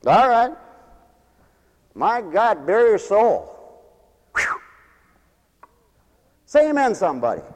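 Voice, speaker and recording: A man's voice: high-pitched, huge pitch swings, takes it slowly, long pauses. A man preaching a sermon to his congregation in a church, impassioned, calling out to the people in the pews and demanding a response. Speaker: pastor. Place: church sanctuary. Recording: long reverb of a large hall.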